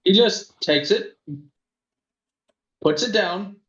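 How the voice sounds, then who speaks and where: A man playing a tabletop role-playing game, speaking in character in a slow, deliberate way. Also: high voice, a bit bright. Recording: echoey room, dull lo-fi sound.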